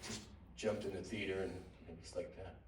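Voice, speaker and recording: A man on a panel reminiscing in a halting way, often restarting his sentences. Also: sits low, little pitch movement. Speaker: actor on a panel. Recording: roomy hall, distant mic, faint noise.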